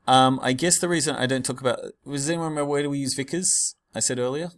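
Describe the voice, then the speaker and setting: A man's voice: mid-range voice, fast. A man teaching a class in a casual, digressive lecture full of fillers and asides.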